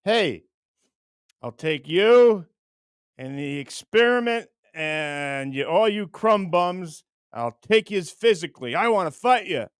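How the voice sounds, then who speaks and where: A gruff, blustering old-school tough guy spoiling for a brawl, as a man puts him on. The voice sits fairly high and the delivery is drawn out. The recording is close and dry. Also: lively intonation, slow pace, no room sound. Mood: belligerent.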